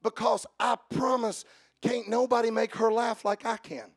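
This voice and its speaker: A man preaching an Easter sermon in church, joking quietly with the congregation and then building to loud, drawn-out preaching. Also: very high-pitched, fairly even intonation, slightly rough.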